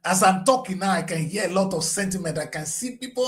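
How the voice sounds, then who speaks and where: A man in his sixties with a Nigerian English accent gives impassioned political commentary, animated and fast, swinging from a grave, low register to shouting.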